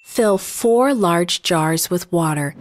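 Brief: earnest bold male prophet read by a woman, slow and low-pitched, children's Bible storybook. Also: expressive.

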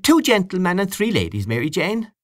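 A man's voice: medium pitch, very animated, normal speed, creaky, dry recording, clean studio sound, pitched above the performer's own voice. A man voicing an anxious, fussing elderly aunt who is hosting a party. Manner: fretful, fussing.

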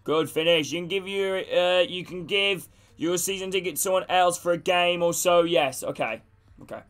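A young gaming streamer with a high-pitched, slightly bright voice at a moderate pace plays a football video game. He greets his chat, hypes up his teammates, and swears casually.

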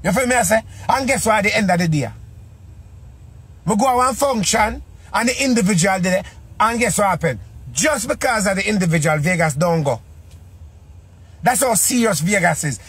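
A man's voice: sits high, a bit bright, slightly rough. A man with a Jamaican Patois accent giving a casual monologue, full of repeated rhetorical questions.

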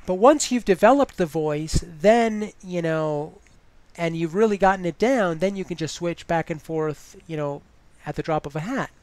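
A woman's voice: on the low side, normal speed, a little mellow, no room sound. A woman giving advice in a casual vlog, chatty and full of "you know" fillers.

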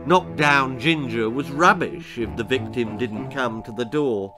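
A man reading his own spooky children's story aloud with unhurried, dramatic delivery. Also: medium pitch, over music.

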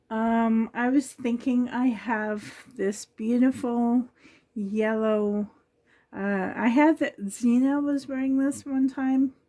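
A woman's voice: a little high, dark tone. A woman chatting casually in a home nursery, rambling and gushing, often laughing. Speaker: doll collector vlogger. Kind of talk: casual rambling vlog chat.

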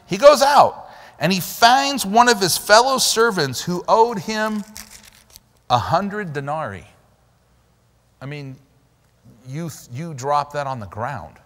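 A man preaching a sermon as pastor, animated and emphatic, in a church sanctuary. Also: a little high. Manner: animated, emphatic preaching with sudden loud stresses. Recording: long hall reverb in a church.

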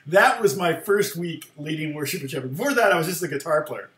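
With lively intonation and a slightly fast pace, a fairly high, fairly bright male voice fills an echoey room. The speaker, a guitar teacher and former worship leader, rambles through a long personal story, often laughing and impersonating the people in it.

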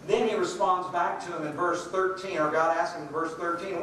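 A middle-aged man preaches with a fairly high voice, retelling the story and slipping into quoted voices. He is heard from a distance, and the sound rings around a large, very echoey hall with a faint hiss underneath. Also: fairly quick, hardly any pauses, fairly bright tone. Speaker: pastor. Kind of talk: sermon. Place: church sanctuary.

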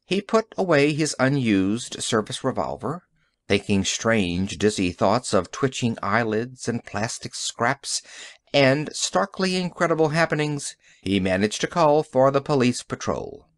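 A man narrating a science fiction story in an audiobook, with an expressive storytelling delivery. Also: mid-range voice, unhurried, no room sound.

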